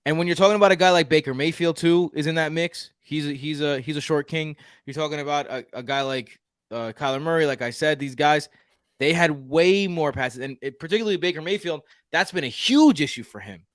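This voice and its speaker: A man from Houston co-hosting a podcast, talking casually and jokingly with lively restarts. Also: a little high, fairly quick, dry recording, clean studio sound. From Houston, Texas. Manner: animated, jokey, frequent restarts. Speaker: podcast co-host. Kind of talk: casual fantasy football chat.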